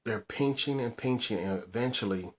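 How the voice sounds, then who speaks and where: American man, vlog rant, husky and mid-pitched, agitated, halting, keeps restarting his sentences. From United States. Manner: agitated, halting, with repeated restarts and emphatic swearing. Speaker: vlogger. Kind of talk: angry personal vlog rant.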